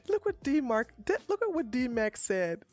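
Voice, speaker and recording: A woman giving blunt, profane livestream commentary in a casual, animated way, close to the mic. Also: high-pitched, no echo. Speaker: commentary streamer.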